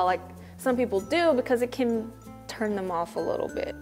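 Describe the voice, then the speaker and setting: A woman's voice: fairly high pitch, lively intonation, normal speed, a little mellow, faint music behind. A young American woman vlogging casually to camera, chatty and slangy, mimicking people she quotes. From United States. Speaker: vlogger living in Korea. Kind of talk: casual vlog talk to camera.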